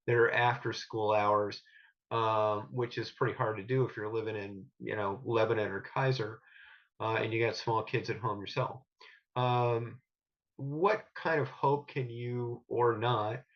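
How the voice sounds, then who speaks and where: A man moderating a town hall forum who asks questions haltingly, with many restarts. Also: mid-range voice. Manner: halting, full of restarts while phrasing questions. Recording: dull lo-fi sound.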